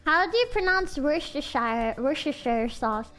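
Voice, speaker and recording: A woman's voice: high-pitched, takes it slowly, long pauses, fairly bright tone, faint music behind. A woman with an American accent chatting casually on a livestream, giggly and rambling with lots of "like" fillers.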